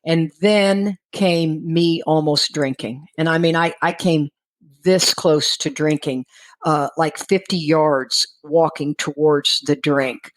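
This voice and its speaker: A woman's voice: low voice, slow, poor audio. A middle-aged woman from Texas sharing her personal recovery story candidly, acting out the dialogue of the people in it. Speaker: guest speaker in recovery.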